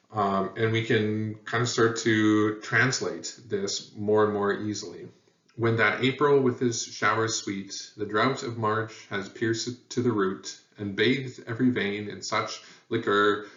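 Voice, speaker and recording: A man giving a recorded lecture, relaxed and thinking aloud with many fillers. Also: fairly low pitch. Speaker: teacher. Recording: echoey room heard from far, dull sound.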